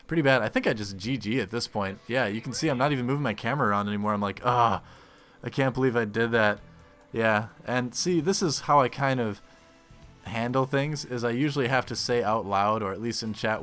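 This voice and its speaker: A man's voice: lowish voice, fast, fairly bright tone, soft background music. A man casting a replay of his own game, rambling with frequent restarts and groaning at his mistakes. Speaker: game caster. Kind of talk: self-deprecating replay commentary.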